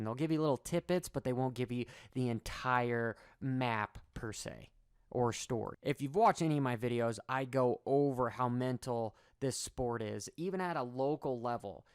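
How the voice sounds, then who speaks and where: A middle-aged man who is a motocross racer gives a sarcastic, animated commentary in his vlog, rambling from one point to the next. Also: mid-range voice, clean tone, no room sound, studio quality.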